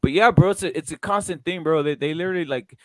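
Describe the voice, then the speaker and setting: Man, high voice, profane ranting, repeats himself, casual boxing chat, dry close sound. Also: fast, darkish tone, no room sound. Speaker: host.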